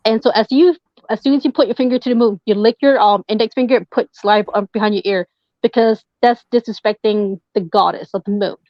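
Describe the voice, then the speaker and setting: On a podcast, a tarot reader speaks briskly in a medium-pitched voice, yet sounds hesitant, packing her casual interview chat with fillers. The audio is dull, dry, lo-fi, and echo-free.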